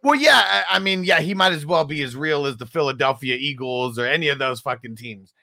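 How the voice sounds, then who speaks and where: A man's voice: fairly high pitch, fairly quick, vocal fry, sharp tone, dry recording, clean studio sound. A man chatting casually as a podcast co-host, laid-back, laughing a lot and swearing freely. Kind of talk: casual chat.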